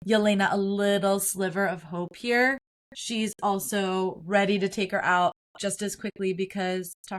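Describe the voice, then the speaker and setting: A woman hosting a solo podcast, talking through a film in an earnest, opinionated way and building her points in lists. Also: medium pitch. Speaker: podcast host.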